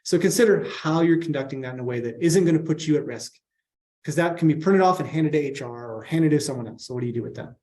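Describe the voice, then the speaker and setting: A man's voice: on the high side, quick pace, a little mellow. A man presenting a workshop on professional communication in a casual, conversational way, often checking in with "right?".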